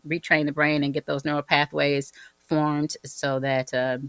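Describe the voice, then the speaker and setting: A woman's voice: low voice, little pitch movement, measured pace, smooth, no echo. A woman guest on a podcast, telling stories animatedly and acting out the people she quotes. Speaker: neurofeedback practitioner, guest. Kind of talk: conversational interview.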